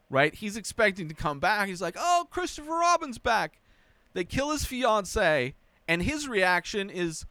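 In a dry recording, a young male host delivers a laid-back spoken film review full of energy and ridicule. Now and then he puts on a whiny, high-pitched voice to mimic the characters.

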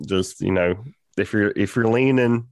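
A man's voice: on the low side, a little slow, darkish tone, dry recording. A man hosting a podcast, telling a rambling, profane story in a laid-back way. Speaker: podcast host. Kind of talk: casual storytelling chat.

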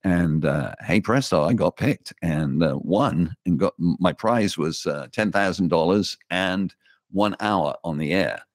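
An English man with a very deep voice spins anecdotes from his years in radio. He tells them as a relaxed, animated storyteller. The sound is dry and close, with no room echo. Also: slow pace. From England. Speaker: radio DJ guest. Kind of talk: casual storytelling interview.

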